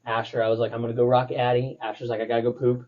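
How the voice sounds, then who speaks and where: A man's voice: mid-range voice, little pitch movement, racing, dull audio. A young man and podcast co-host, talking casually and rambling through stories with lots of fillers. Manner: rambling, filler-heavy storytelling. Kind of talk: casual chat.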